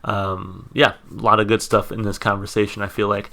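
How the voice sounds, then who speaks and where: An American man hosting a music reaction video, thinking aloud in casual commentary, reading lyrics and notes and filling pauses with "uh" and "like". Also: lowish voice, level tone, vocal fry, sharp tone. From United States. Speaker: music reaction channel host.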